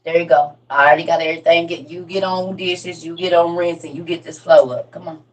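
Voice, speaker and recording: A middle-aged woman chatting casually as a parent, telling lively stories and acting out her kids. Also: lowish voice, a little fast, slight background noise. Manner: animated storytelling, acts out her kids. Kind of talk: casual group chat. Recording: voice from a distance.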